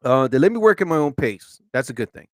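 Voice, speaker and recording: A man's voice: mid-range voice, big pitch swings, fast, dry recording. A man hosting his own live show and podcast in a rambling, chatty monologue, laughing often and restarting his sentences.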